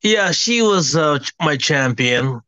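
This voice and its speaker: Soft-spoken man on dull, dry audio. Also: on the high side, animated, slow, dry recording. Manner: brief, agreeable answers. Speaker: sitter receiving a reading.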